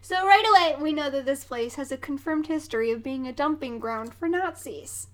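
A woman co-hosting a podcast, recounting a story in a casual, giggly way. Her voice sits notably high. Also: normal speed. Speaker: podcast co-host. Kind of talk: casual chat.

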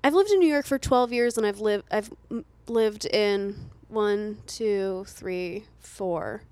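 Smooth-voiced woman, dry close sound. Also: medium pitch, slow pace, a little mellow, no echo. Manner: chatty, agreeable, joking along. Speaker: podcast guest. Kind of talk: casual chat.

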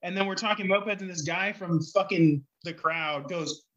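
A man's voice: sits high, normal speed, a bit bright, muffled recording. A young man chatting casually on a podcast, telling rambling stories full of swearing. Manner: profane, rambling storyteller. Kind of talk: casual chat.

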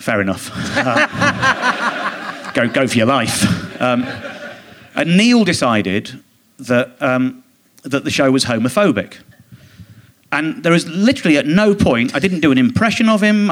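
Man, comedian guest, mid-pitched voice, rambling indignant storytelling, mimicked quotes, live podcast on a theatre stage. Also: a bit bright. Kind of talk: casual anecdote in a live podcast interview.

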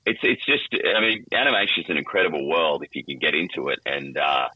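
A middle-aged voice actor in a casual interview, talking animatedly with lots of restarts. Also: male voice, a bass voice, lively intonation, fast, slightly rough, no room sound, highs cut off. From Australia. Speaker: voice actor and guest.

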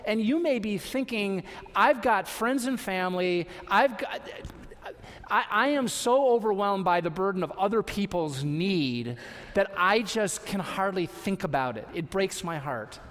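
Man, pastor, sermon, somewhat high voice, conversational asides, long hall reverb. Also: expressive, measured pace. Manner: conversational, warm asides, playful voices for quotes.

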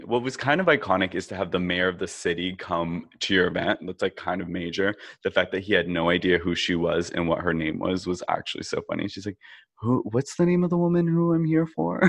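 Laid-back low-voiced man podcaster. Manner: relaxed, laughs often, swears casually. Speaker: podcast co-host. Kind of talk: casual chat about reality TV.

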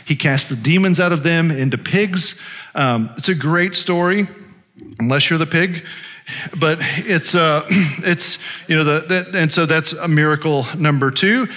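Bright-voiced preacher in an echoing hall. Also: male voice, fairly high pitch, a little slow. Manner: casual, conversational preaching with fillers. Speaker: pastor. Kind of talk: sermon. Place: church sanctuary. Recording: long hall reverb.

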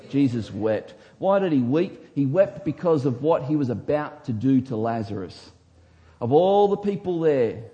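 A man, a pastor, preaching a sermon with emphatic delivery that swings from hushed to loud. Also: a little high.

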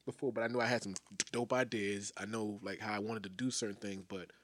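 A man's voice: fairly low pitch, level tone, a little fast, fairly bright tone, dry recording. A man on a casual podcast who tells stories loosely, acts out quoted lines and keeps asking "you know what I mean". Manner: laid-back storyteller, acts out quotes, fillers. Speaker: music manager guest.

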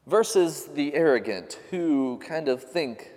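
A man's voice: on the high side, expressive, slow pace, hardly any pauses, darkish tone, long reverb tail. A man preaching a sermon, earnest and questioning, lifting his voice when he quotes others. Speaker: pastor.

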